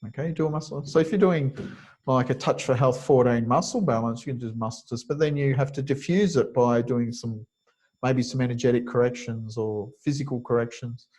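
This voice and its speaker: A man's voice: medium pitch, fairly quick, darkish tone, low-quality recording. A man teaching a webinar lecture over a video call, explaining step by step and thinking aloud with frequent fillers. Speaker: kinesiology teacher.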